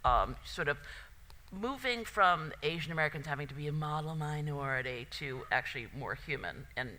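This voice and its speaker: A woman's voice: low-pitched, pushed and bright. A woman interviewing a guest onstage, asking rambling questions that she corrects as she goes.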